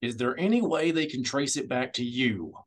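A man voicing a tense male rebel contact who speaks low and quiet, holding back his anger. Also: expressive, normal speed, lightly acted.

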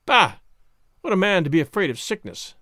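A man's voice: high-pitched, big pitch swings, brisk, bright, forceful tone, no room sound, clean studio sound, heavily acted. A man voicing a coarse, cackling old woman who drives a cart, taunting and mocking. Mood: scornful.

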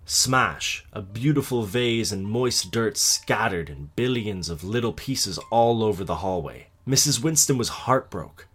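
Low, husky man narrating a horror story. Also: lively intonation, moderate pace, few pauses.

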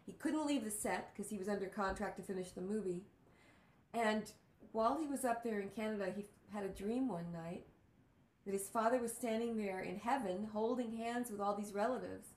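Woman, casual storytelling chat, animated and gushing, roomy echo. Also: mid-range voice. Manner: animated, quick asides and gushing reactions.

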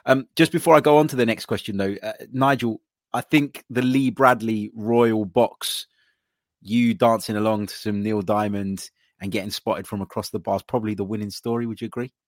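Low-voiced male podcast host, easygoing, reads listener entries, dry close recording. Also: fairly even intonation, normal speed, no echo. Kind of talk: casual podcast hosting.

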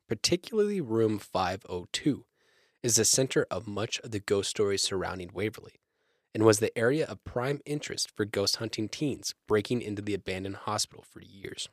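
This is a young podcast co-host whose lowish voice carries him steadily through his research notes, broken up by comedic banter and joke voices. The recording is dry and of studio quality.

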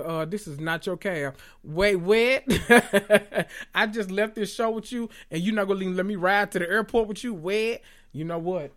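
A man hosting a podcast, gossiping about reality TV in an animated, sassy and profane way, talking straight to his listeners. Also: on the high side. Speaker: podcast host. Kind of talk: casual reality TV gossip monologue.

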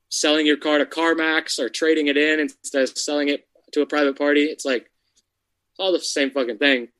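A man's voice: mid-range voice, a bit bright, rough recording. A man speaks in a blunt, loose conversational way, swearing freely as he explains his business. His talk is casual and direct. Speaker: real estate investor. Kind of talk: casual podcast chat.

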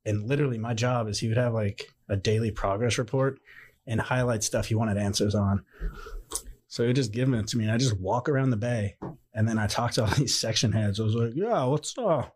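A man's voice: lowish voice, a little fast, slightly rough. A young man casually telling a story, acting out the quotes as he goes. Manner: animated anecdotes with acted-out quotes. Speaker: podcast guest, former Marine.

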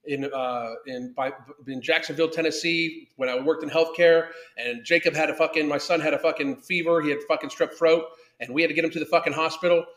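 This podcast host's voice is fairly high and a bit bright, with fairly even intonation, a brisk pace, and hardly any pauses, all in a reverberant space. Angry and emphatic, he swears constantly while reacting to a video and live chat, reading comments aloud during his profane live-stream rant.

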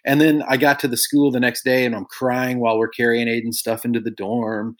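A man's voice: mid-range voice, flat delivery, a little fast. A middle-aged man, a podcast guest, telling personal stories in an earnest, reflective way and livening up when he quotes other people. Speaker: guest, songwriter and author. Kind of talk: conversational storytelling.

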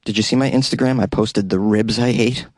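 A man's voice: lowish voice, fairly even intonation, fairly quick, no echo. A man hosting a comedic news show, reading stories aloud and breaking off into jokey asides.

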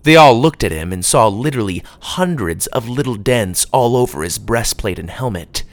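A man narrating a children's adventure story aloud, reading expressively. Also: normal speed. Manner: expressive read-aloud with lively pitch.

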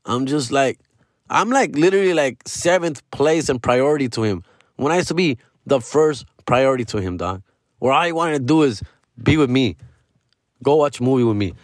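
A middle-aged man rants in a loose, rambling monologue. He swears freely and slips in Spanish slang. His mid-pitched voice is recorded dry, with no room echo. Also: lively intonation, moderate pace. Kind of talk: casual ranting monologue.

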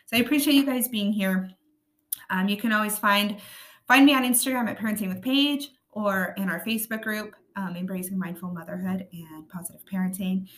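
A woman with a raspy voice hosting a podcast, talking earnestly and often checking in with her listeners. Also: medium pitch, fairly quick, a bit bright. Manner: earnest, checks in with tag questions like "right?" and "okay?". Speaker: podcast host. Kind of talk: casual podcast monologue.

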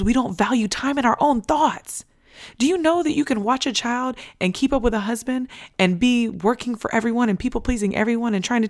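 A woman hosting a podcast, talking candidly and bluntly, swearing casually and repeating points for emphasis. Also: mid-range voice. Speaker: podcast host. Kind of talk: candid motivational podcast talk.

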